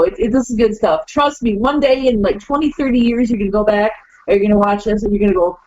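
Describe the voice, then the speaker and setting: A woman on a podcast call, chatting casually, animated, acting out quoted lines and laughing often. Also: mid-range voice, normal speed, no echo, lo-fi sound. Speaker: guest wrestler.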